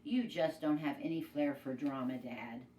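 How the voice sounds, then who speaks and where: A woman's voice: low-pitched, normal speed, dark tone, far from the mic, natural voice. A woman reading as a lecturing drama-teacher mom. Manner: lecturing, exasperated. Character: enthusiastic drama-teacher mother. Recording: echoey room, away from mic, faint noise.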